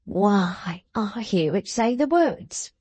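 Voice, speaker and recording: Woman reading pompous scheming man, florid drawn-out talk, warm dark tone. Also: medium pitch, animated, breathy edge, dry recording. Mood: florid, wheedling. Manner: florid, wheedling, theatrical, drawn-out. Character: pompous scheming older man with wooden leg.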